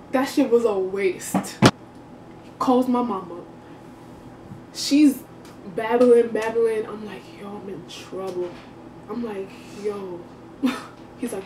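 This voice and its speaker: A young woman telling a casual storytime, slangy and animated, acting out her own reactions. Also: on the high side, a little hiss or hum. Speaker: vlogger. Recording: echoey room, far from the mic.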